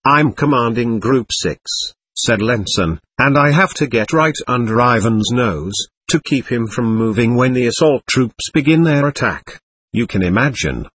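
Husky man reading a memoir aloud. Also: mid-range voice, lively intonation, a little slow, a bit bright. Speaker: audiobook narrator. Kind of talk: scripted narration.

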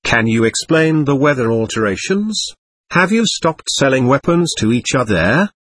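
A man voicing a small, friendly male alien who lectures earnestly in a string of questions, in a husky voice. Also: mid-range voice, lively intonation, moderate pace, a bit bright, no room sound.

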